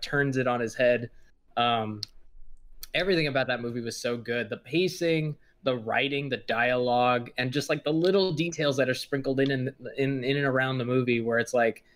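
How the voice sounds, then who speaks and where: A man co-hosting a podcast in casual chat, relaxed and hesitant with frequent fillers. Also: mid-range voice, brisk. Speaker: podcast co-host.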